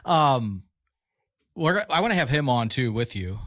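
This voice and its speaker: A man's voice: mid-range voice, big pitch swings, unhurried, a bit bright, no room sound, clean studio sound. A man hosting a podcast, joking and teasing his guests in casual chat. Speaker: podcast host.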